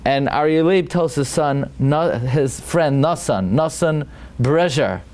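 Dramatic storytelling rabbi, higher-voiced man. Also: takes it slowly, a little mellow. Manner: dramatic, emphatic, with many restarts; sprinkles Hebrew and Yiddish terms. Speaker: rabbi teaching a class. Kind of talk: storytelling Torah lecture.

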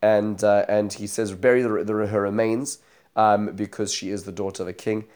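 A man's voice: on the low side, little pitch movement, moderate pace, a little mellow, smooth. A man teaching a Bible study lesson, retelling the chapter as a story, voicing the quoted speakers, with many fillers and restarts.

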